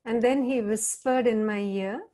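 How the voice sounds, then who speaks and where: A middle-aged woman, a counselor gently guiding listeners through a mindfulness exercise on a video call. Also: on the high side, fairly even intonation, measured pace. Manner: gentle, reflective, guiding with soft prompts. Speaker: counselor leading a wellness talk. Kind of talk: guided mindfulness session over video call.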